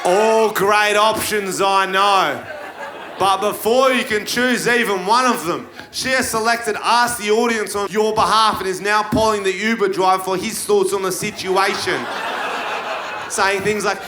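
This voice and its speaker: A man doing a stand-up routine in a quiz-show style, bursting into shouted punchlines. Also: high-pitched, steady tone, unhurried. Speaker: stand-up comedian. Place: live comedy venue. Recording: roomy live venue with crowd. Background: audience laughter.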